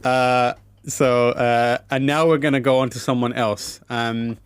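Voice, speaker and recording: A man's voice: medium pitch, flat delivery, unhurried, clear, resonant tone, no room sound. A man hosting a casual online chat show, talking loosely with lots of fillers and a playful tone. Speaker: podcast host.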